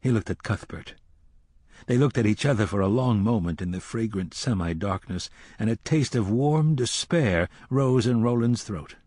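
A man narrating a story in a measured storytelling voice, raising his voice for the characters' lines. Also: on the low side, animated, darkish tone, no room sound, clean studio sound. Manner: measured storytelling, lifts voice for dialogue. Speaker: audiobook narrator.

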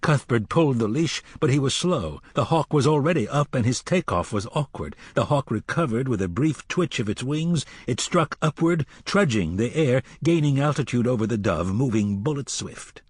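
A man reading a dark fantasy audiobook in a measured, dramatic storytelling manner. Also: mid-range voice, expressive, slightly rough, no room sound, studio quality. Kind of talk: audiobook narration.

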